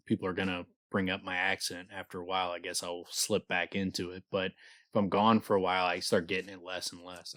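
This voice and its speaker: A man's voice: deep voice, dry recording, studio quality. A man co-hosting a book podcast, chatting casually and profanely with a regional US accent. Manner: profane, animated, does voices when reading quotes. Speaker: podcast co-host. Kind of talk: casual chat and book reread.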